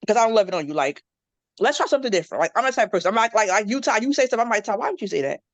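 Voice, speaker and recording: Middle-aged woman, casual group chat, quick and animated, close dry sound. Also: no echo. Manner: animated storytelling, jumps into high-pitched quoted voices. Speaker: panel guest.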